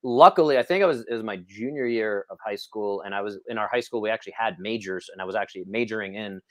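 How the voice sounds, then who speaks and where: Male podcast host, low voice, dry close mic, chatty storyteller with lots of fillers. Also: quick pace, no echo. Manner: storytelling, self-deprecating, many fillers. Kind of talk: casual interview chat.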